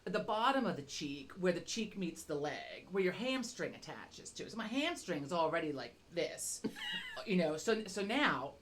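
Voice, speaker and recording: A woman's voice: on the low side, sing-song, normal speed, slight background noise. A middle-aged woman on a podcast, telling a rambling, self-mocking story with constant swearing. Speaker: podcast co-host. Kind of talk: casual chat.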